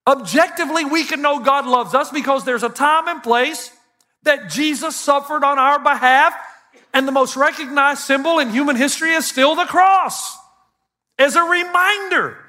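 A bright-toned older man preaches with a fairly high voice. He tells stories animatedly to a church congregation, with quick asides and self-deprecating humor. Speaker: pastor. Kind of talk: sermon. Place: church stage before a congregation.

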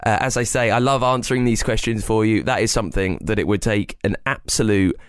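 A man hosting a children's science podcast, with a slightly gravelly voice, explaining things playfully and speaking straight to young listeners. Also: fairly low pitch, fairly even intonation, fairly quick, no echo.

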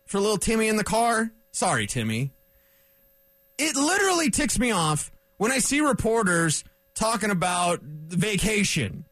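A man hosting a solo sports radio show, ranting bluntly and mocking other reporters in quick put-on voices. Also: sits high, dry recording. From rural area. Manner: blunt, animated, mocking impressions. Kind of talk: solo sports talk rant.

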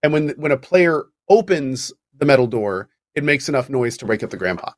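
A man's voice: medium pitch, animated, fairly quick, no room sound. Male podcast co-host, casual explainer, rambling restarts, dry close sound. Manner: explains at length with fillers and restarts. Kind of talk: casual chat explaining game mechanics.

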